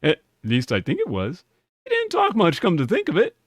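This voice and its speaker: A man's voice: sits high, wildly swooping pitch, normal speed, dry recording, clean studio sound, pitched above the performer's own voice, heavily acted. A man voicing a chatty old man in a game tavern, rambling through a reminiscence. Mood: reminiscing. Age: older.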